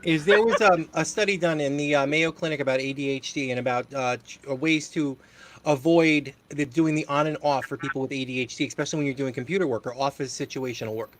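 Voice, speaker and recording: Rambling male host, fairly high voice. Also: fast talker. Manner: rambling, restarts often, casual swearing. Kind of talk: casual chat.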